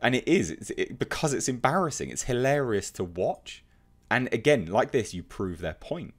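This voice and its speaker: A man's voice: mid-range voice, big pitch swings, normal speed, faint music behind. A man giving opinionated commentary, reading out online comments and mocking them with emphatic scorn. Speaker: commentary youtuber.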